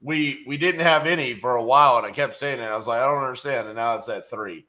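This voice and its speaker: Quick-paced and mid-range, his voice comes across pushed and bright. He's a middle-aged real estate investor co-hosting a casual livestream, where he reads viewer comments, greets people, and trades folksy jokes and stories.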